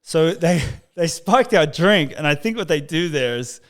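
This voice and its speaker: A man's voice: on the high side, animated, measured pace. A man hosting a podcast, chatting casually in a blunt way, swearing freely and chiming in often. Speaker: podcast host. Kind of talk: casual chat.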